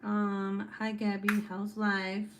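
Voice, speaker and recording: A young woman hosting a casual livestream, reading chat and teasing her sister with loud, swearing jokes and frequent laughs. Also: mid-range voice, completely flat delivery, takes it slowly, background noise. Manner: loud, joking, swears a lot, laughs often.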